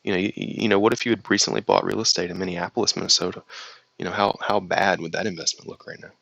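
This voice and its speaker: Male host with a slight Southern drawl, low and gravelly, reading chat comments and chatting loosely. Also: fairly even intonation, quick pace, bright, forceful tone, no room sound, low-quality recording. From United States. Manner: rambling, reads viewer comments aloud then reacts. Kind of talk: casual chat.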